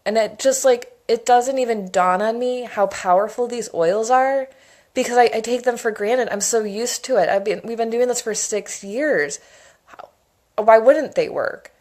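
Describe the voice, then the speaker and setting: A woman's voice: fairly high pitch, moderate pace, a little mellow. Chatty enthusiastic woman telling stories. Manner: chatty and enthusiastic, rambling storytelling. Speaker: essential oils educator. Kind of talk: casual monologue.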